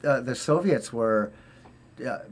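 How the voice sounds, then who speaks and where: A man's voice: mid-range voice, expressive, slow pace. Rambling Boston-accented man telling stories. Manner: rambling, anecdotal, many fillers and restarts. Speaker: guest, former Olympic figure skater. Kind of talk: casual interview storytelling.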